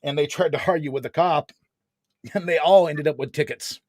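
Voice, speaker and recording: Animated, slangy man in his forties. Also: a little high, moderate pace, no room sound. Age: 40s. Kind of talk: casual storytelling.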